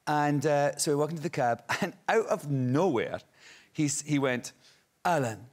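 A man's voice: on the high side, moderate pace. A man telling a comic anecdote as a talk show guest, laughing through it and doing voices. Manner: animated, laughs through his story, does voices. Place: TV studio with audience.

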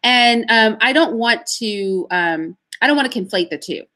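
A woman answering as an interview guest, telling stories in an emphatic, animated way. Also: on the high side. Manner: emphatic, animated storytelling with pauses.

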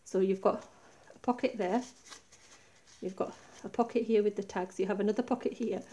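Using a tablet camera set up high over her desk, a woman records a casual, chatty show-and-tell of her handmade craft project. Her mid-range voice keeps a normal pace as she relaxes and points things out step by step.

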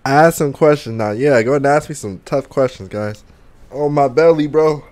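A man's voice: mid-range voice, normal speed, a little mellow, no room sound. A young man gaming and chatting casually, out of breath and burning from hot wings, groaning and joking between exclamations. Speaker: gaming YouTuber.

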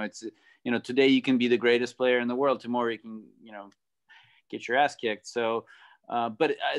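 A man sharing his views in a relaxed conversation, pausing often to find his words. His voice is of ordinary middle pitch. He sounds reflective and unhurried. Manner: thoughtful, hesitant. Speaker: guest, former tennis player. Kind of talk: casual video conversation.

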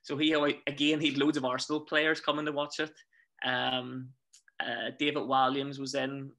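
Bright-voiced Northern Irish man. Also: mid-range voice, moderate pace. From Northern Ireland. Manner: animated storyteller, chuckles often. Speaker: guest, musical theatre actor. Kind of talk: casual interview chat.

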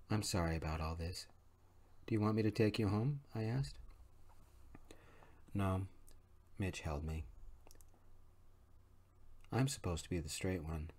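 A man reads an audiobook in a hushed, soft-spoken ASMR manner. His voice sits fairly low and stays gentle throughout. The delivery is calm, quiet first-person narration.

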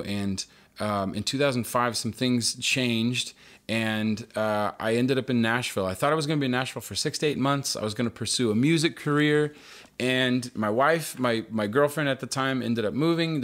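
A man's voice: mid-range voice, fairly bright tone. A man in his thirties preaching a sermon, earnest and conversational, with light humor and key phrases repeated for emphasis. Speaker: pastor.

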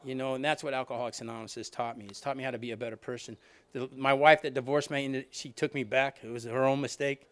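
A man's voice: mid-range voice, fairly even intonation, quick pace, a little hiss or hum. A middle-aged man telling a personal recovery story to a live audience, chatty and loose, with restarts and a lot of "you know what I mean". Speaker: alumni reunion speaker.

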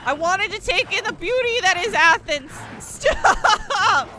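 A woman streaming a video game, commenting on her play in an excitable way, swearing freely and laughing often. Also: very high voice, background noise. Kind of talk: live gameplay commentary.

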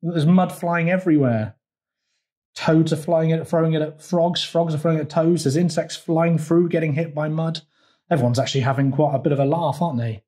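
Lively man reading a picture book aloud. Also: a little high, fairly quick. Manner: lively, asks the children questions. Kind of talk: children's storytime read-aloud.

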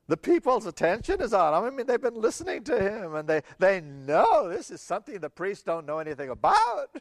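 A man preaching a sermon, telling a Bible story with animated voices for the people in it and laughing often. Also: high voice, dry recording, clean studio sound.

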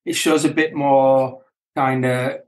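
A man's voice: mid-range voice, slow. Middle-aged guy chatting loose, chuckles a lot, echoey room, mid voice. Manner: relaxed, chuckling, self-correcting. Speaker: band member, guest. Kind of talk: casual chat.

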